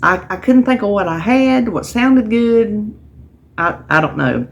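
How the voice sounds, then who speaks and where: A woman's voice: mid-range voice, animated, unhurried, creaky, lo-fi sound. Chatty, tired woman. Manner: chatty, rambling, with restarts and laughs. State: tired, yawning. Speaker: vlogger sharing a weekly menu plan. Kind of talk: casual chat to camera.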